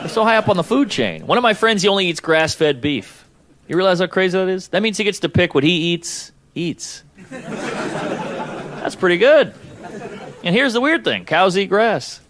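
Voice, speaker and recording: A man's voice: sits high, normal speed, some chatter behind, a little hiss or hum. A man in his thirties from the United States performing a stand-up comedy set, telling stories and putting on voices for the jokes. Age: 30s. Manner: lively storytelling with put-on voices for jokes.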